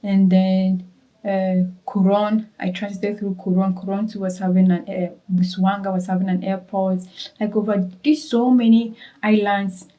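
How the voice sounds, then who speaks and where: A woman's voice: medium pitch, flat delivery, a little slow, dark tone, low-quality recording. A young woman from Ghana speaks with a Ghanaian accent in easy, casual vlog chat. She often repeats words for emphasis and turns to ask her viewers if they follow. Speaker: travel vlogger.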